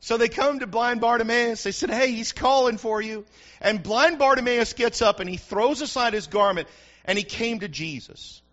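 A man's voice: very high voice, normal speed, pushed and bright, highs cut off. A man preaching a sermon in church, fervent and often asking the congregation if they follow him. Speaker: pastor.

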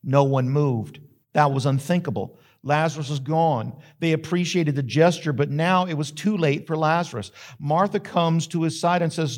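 Dramatic preacher. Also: male voice, on the high side, normal speed. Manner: dramatic, rising to emphatic questions. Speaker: pastor. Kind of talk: sermon with dramatic storytelling.

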